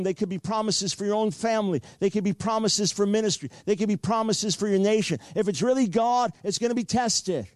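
A man's voice: sits high, a little mellow, no room sound, studio quality. An older man preaching a sermon, telling a personal story earnestly and repeating words for emphasis.

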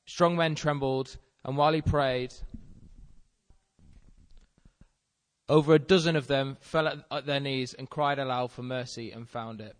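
A man reading an old religious text aloud in front of a congregation, sight-reading it and stumbling now and then. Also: on the high side. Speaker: guest reader. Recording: hall reverb.

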